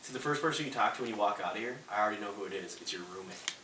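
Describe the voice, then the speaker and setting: Talking very fast in a lowish voice, a young man pitches network marketing to a live audience in a big room of a house, throwing out punchy rhetorical questions with brash motivational energy. There's faint hiss, and the recording sounds distant and roomy.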